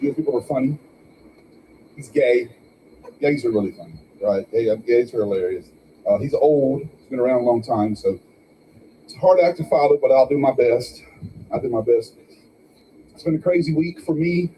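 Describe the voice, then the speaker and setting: An older man doing stand-up comedy, telling wry stories with quick asides in a small club. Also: medium pitch, animated, dark tone, slight background noise, poor audio. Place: small club with a live audience.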